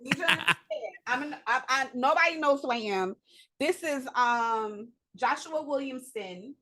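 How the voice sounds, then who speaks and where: Animated, profane woman telling stories. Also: high-pitched, normal speed. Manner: animated, profane, rambling with restarts and acted-out quotes. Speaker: comic book writer guest. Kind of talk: excited casual storytelling.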